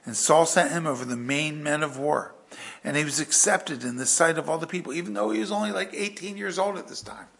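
A man preaching a verse-by-verse sermon with an animated delivery that swings from loud emphasis to hushed asides. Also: a little high, a little fast, gravelly. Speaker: pastor.

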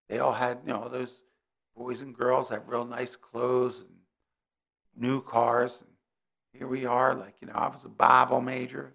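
A man's voice: medium pitch, vocal fry, fairly bright tone, slightly rough. A middle-aged man from New Jersey preaching a sermon in a conversational way, weaving in personal stories.

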